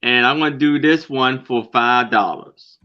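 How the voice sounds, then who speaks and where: A man describing old photos for sale as a guest on a live stream, in a plain, unhurried way. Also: medium pitch, dull audio. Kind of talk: casual live-stream sales pitch.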